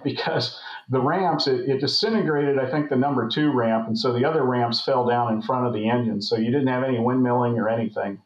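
A man's voice: medium pitch, brisk, hardly any pauses. An older man in his sixties tells rambling stories and stops often for fillers. His voice sits mid-range. The sound is dull and roomy, like a room mic on a remote call. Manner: rambling anecdotes with many fillers. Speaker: guest, former Navy flight officer. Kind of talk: casual storytelling chat.

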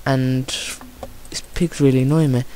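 A young man with a Birmingham accent, giving chatty, excitable and jokey commentary on his own gameplay. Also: mid-range voice, normal speed, a little hiss or hum. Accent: Birmingham English. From Birmingham, England.

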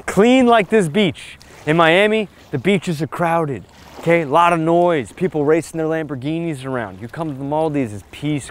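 A man talking straight to camera on a beach in a punchy, emphatic vlog style, pitching marketing advice in short, hyped lines. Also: slight background noise. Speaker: marketing vlogger. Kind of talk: casual vlog talk to camera. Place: outdoors on a beach.

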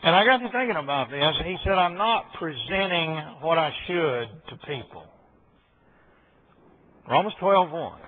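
Man, pastor, folksy Bible study teacher, slightly high voice, thin phone-like sound. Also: animated, unhurried. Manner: folksy storytelling, quoting conversations. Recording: tinny phone-like audio.

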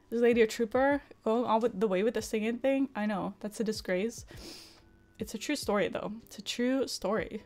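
A woman's voice: medium pitch, moderate pace. A woman streamer chatting and swearing live with her viewers, stressed and frazzled. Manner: frazzled, swearing, improvised singing. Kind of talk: casual live-stream chat.

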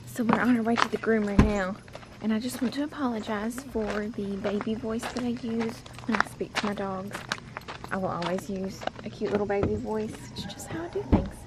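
A young woman chatting casually to the camera in a rambling, relaxed way. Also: mid-range voice, normal speed. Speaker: vlogger. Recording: dull lo-fi recording with loud background noise.

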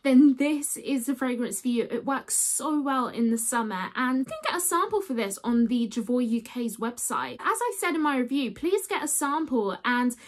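A woman's voice: sits high, expressive, normal speed, hardly any pauses. A young woman in her twenties chatting to her viewers in a gushing, casual vlog review of perfumes.

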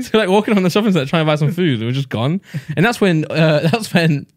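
Young male podcast host, rapid casual storytelling, dry close sound. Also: on the high side, expressive, no echo. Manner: fast, laughing storyteller with many restarts. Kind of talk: casual chat.

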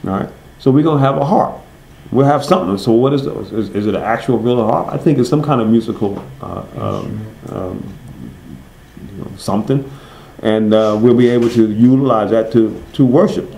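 A man teaching a Bible study. He asks his listeners questions and answers them himself, and he reads scripture slowly, stressing each word. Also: medium pitch, vocal fry, warm tone, roomy sound, rough recording.

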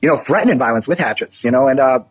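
Husky, profane New man. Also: medium pitch, lively intonation, rapid-fire, poor audio. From New Bedford, Massachusetts. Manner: blunt, profane, swaggering recounting. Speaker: interview guest. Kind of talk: casual storytelling interview. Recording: faint music underneath.

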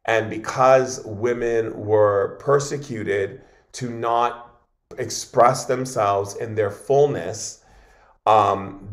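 A man, a guest on an interview show, telling a long personal story in an earnest, meandering way with many fillers and restarts. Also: lowish voice. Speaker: guest shaman.

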